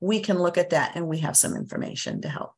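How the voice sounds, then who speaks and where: A woman's voice: on the low side, wildly swooping pitch, fast talker, vocal fry, darkish tone. Earnest woman parent coach explaining. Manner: earnest, explanatory, teacherly repetition. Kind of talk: casual interview chat.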